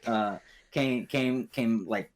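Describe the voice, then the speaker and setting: A man's voice: medium pitch, slow, a crowd in the background. A young man casually telling a long story to friends, rambling with restarts, slang, swearing and laughing asides. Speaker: podcast co-host.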